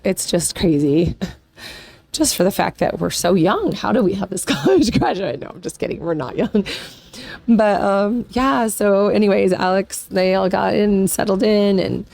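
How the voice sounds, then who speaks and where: A woman's voice: mid-range voice, expressive, unhurried, vocal fry, a little mellow, dry recording. A woman in her forties hosting a podcast, telling a personal story in a casual, rambling way, emotional and close to tears. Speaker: podcast host.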